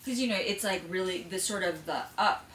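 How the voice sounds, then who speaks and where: A woman hosting an interview who wanders through her questions with plenty of fillers. Her voice is slightly low yet bright and forceful. She sits a bit back from the mic in an echoey room with faint background noise. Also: a little fast, far from the mic. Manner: rambling, hesitant questions with many fillers. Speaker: podcast host. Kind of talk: casual interview chat.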